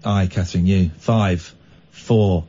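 A man's voice: low voice, fairly even intonation, slow pace, dark tone. A man hosting a late-night radio phone-in, playful and teasing, with mock outrage. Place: radio studio. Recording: muffled radio broadcast.

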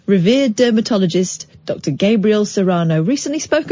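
A woman's voice: lowish voice, a little fast, mellow, breathy edge, no room sound, dull audio. A woman co-hosting a radio show, reading a silly news story aloud playfully while trying to keep a straight face. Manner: giggly, playful, keeps breaking into laughter. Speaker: radio co-host.

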